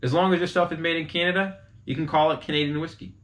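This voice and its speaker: A man's voice: a little high, steady tone, fast talker, fairly bright tone. Chatty man explaining casually. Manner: chatty, informal, talks straight to viewers with asides. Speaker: host explaining whiskey types.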